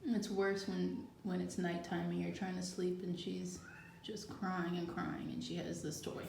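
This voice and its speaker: An easygoing woman with a fairly low voice talks through a gardening how-to. She speaks in a relaxed, chatty way and thinks aloud as she goes. The sound is roomy and echoey, with a faint hum behind her. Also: a little slow, creaky. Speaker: gardening channel host. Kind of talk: casual how-to chat. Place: home kitchen. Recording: echoey room with faint background noise.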